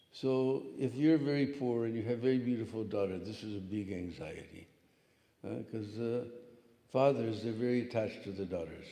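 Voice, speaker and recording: Mellow-voiced man telling a devotional story. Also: on the low side. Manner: animated storyteller, checks in with "hmm?". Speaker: spiritual lecturer. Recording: echoey hall.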